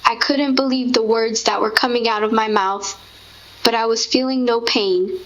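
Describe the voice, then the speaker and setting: A woman in casual conversation with her partner, telling their shared story in an animated way. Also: a little high, moderate pace, muffled recording, a little hiss or hum. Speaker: co-host recounting a shared memory.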